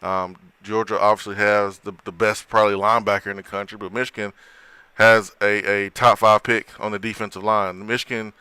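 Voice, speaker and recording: Guy hosting a sports chat show, kinda low voice but bright and crisp, dry studio sound. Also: level tone, brisk, no echo.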